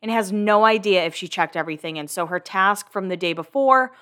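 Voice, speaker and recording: A woman's voice: medium pitch, brisk, pushed and bright. A woman hosting a casual recap podcast, chatty and filler-heavy, with the odd swear word. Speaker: podcast host.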